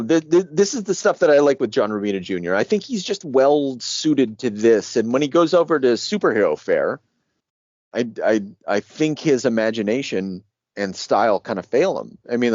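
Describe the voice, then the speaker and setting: Podcast co-host, man, lively swinging pitch, swears, laughs, dry dull lo-fi audio. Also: dry recording. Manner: animated, laughing, swears freely. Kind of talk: casual comic book discussion.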